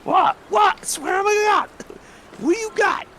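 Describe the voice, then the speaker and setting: Shrill squawking parrot, mouthy, sassy, very high. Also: male voice, moderate pace, noisy background. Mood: taunting.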